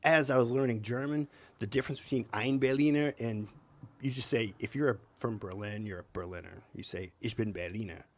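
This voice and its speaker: A man's voice: mid-range voice, fairly quick. A man co-hosting a podcast, telling stories in easygoing casual chat. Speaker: podcast co-host.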